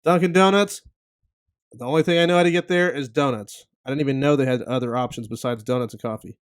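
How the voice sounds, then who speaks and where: A man in his thirties, a podcast host, telling a comedic story in an animated, exasperated way and acting out the other people in it. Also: medium pitch, fast, clean tone.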